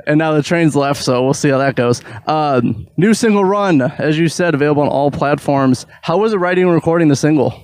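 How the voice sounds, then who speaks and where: A man's voice: on the high side, a little fast, few pauses, a little mellow, no room sound. Chatty man interviewing a band. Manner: laughs easily, loose and chatty. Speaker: podcast interviewer. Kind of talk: casual interview.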